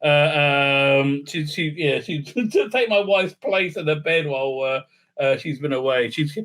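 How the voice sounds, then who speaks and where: A man's voice: on the high side, animated, a little slow, fairly bright tone. A man giving rambling, sarcastic solo commentary, full of fillers and restarts. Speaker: video commentator.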